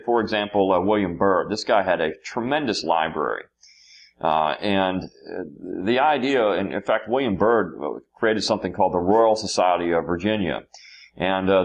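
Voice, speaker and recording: Low-voiced man lecturing with many fillers. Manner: unscripted, many "uh" fillers and restarts. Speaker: history lecturer. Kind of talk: classroom lecture.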